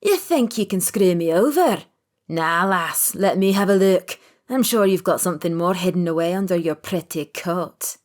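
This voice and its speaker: A woman voicing a thin male junkie in his fifties, rasping and menacing. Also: on the low side, sing-song, unhurried, hardly any pauses. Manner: menacing, pushy.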